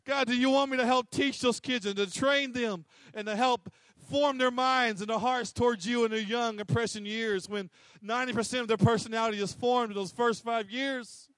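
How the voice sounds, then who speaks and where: High-voiced emphatic male preacher. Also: fairly even intonation, normal speed, fairly bright tone, no echo, studio quality. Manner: emphatic, repetitive, acts out quotes. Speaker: pastor. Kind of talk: sermon.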